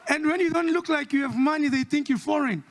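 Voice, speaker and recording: A South African man performs stand-up with a distinctly high-pitched voice and a South African accent. He jumps between English and Xhosa, putting on quick impressions of the people in his stories. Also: a little hiss or hum. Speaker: comedian. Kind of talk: stand-up comedy.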